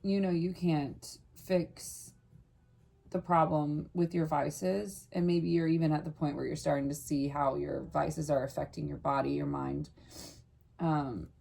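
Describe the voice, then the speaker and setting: A woman's voice: low-pitched, steady tone, measured pace, creaky, warm tone, breathy edge. A woman giving an earnest, rambling tarot reading straight to the viewer, full of fillers and restarts. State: briefly emotional, voice catching. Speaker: tarot reader. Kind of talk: casual spiritual tarot reading to camera.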